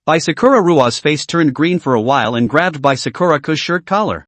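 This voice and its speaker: A man reads a comic story recap as steady scripted narration and voices each of its figures himself. His voice is a little high and swings widely in pitch. The recording is dry and close. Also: brisk, no room sound.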